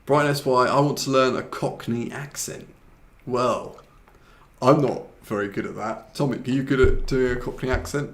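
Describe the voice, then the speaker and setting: Reading out viewer questions and chatting with a co-host, this man runs a live English lesson online in a relaxed, talkative teaching style, dropping into Korean for explanations. His mid-range voice is fairly bright and moves at normal speed.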